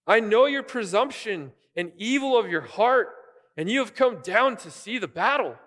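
A preacher voicing a scornful angry big brother. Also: male voice, sits high, sing-song, unhurried, long reverb tail. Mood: indignant. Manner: accusing, indignant.

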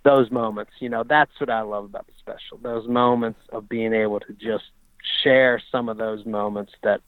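A man telling racing stories in a casual interview, animated and halting, often restarting his sentences. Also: lowish voice, dry recording. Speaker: racing writer and guest. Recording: dull lo-fi dry recording.

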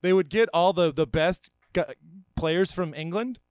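A man hosts a casual comedy podcast, wandering through his story and laughing between phrases. His voice sits high and sounds smooth and clean. The mic is close and dry. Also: a little slow, darkish tone, no room sound. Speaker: podcast host.

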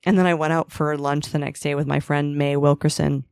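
A woman's voice: low voice, level tone, fairly quick, vocal fry, darkish tone, clean tone, no echo, clean studio sound. A woman hosting a solo podcast, telling a frank, profane, self-deprecating story about her relationships, sometimes acting out what she used to think. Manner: acts out her own past inner voice in quotes. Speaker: podcast host. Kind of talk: solo confessional monologue.

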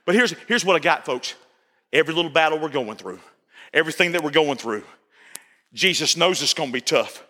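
A male pastor preaching a sermon, folksy and repetitive, building to shouts. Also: on the high side, animated, brisk, pauses often, long reverb tail. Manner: folksy, repeats phrases, rises to shouting. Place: church sanctuary.

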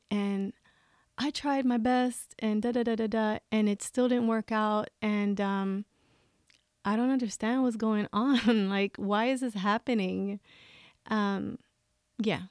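A woman speaking openly about her grief as a guest in a conversation, expressive and laughing often. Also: fairly high pitch, slow, dry recording, clean studio sound.

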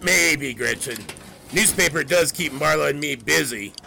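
A man as a newspaper boss, boastful, brisk, gravelly, bright tone. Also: on the high side, a little hiss or hum, full character voice. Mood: cheerful. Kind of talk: audio drama acting.

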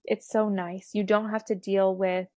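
Speaking a little slowly in a warm, mid-range, level voice, a woman in her thirties shares her birth story as a doula guest on a podcast. The casual storytelling interview is full of laughs and fillers, recorded in clean studio sound with no echo.

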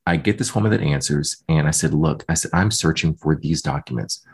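Man, interview guest, very deep voice, husky, personal storytelling. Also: brisk. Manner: animated retelling, voicing others in quotes.

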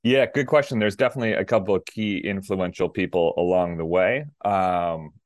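A middle-aged man from Minnesota, a former pro tennis player, telling his story in a relaxed interview with lots of fillers and restarts. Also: low-pitched, moderate pace, no echo, studio quality. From Minnesota, USA. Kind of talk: casual interview talk.

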